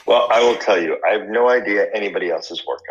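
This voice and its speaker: Man, middle-aged, low voice, personal trainer guest, eager storyteller, acts out quotes. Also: quick pace, muffled recording. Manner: enthusiastic, acts out quoted dialogue. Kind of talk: animated storytelling in conversation.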